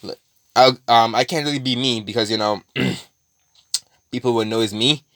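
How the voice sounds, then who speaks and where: A man's voice: mid-range voice, unhurried, fairly bright tone, no room sound, studio quality. A man casually retelling a fan story in a rambling, profane way, full of fillers and restarts.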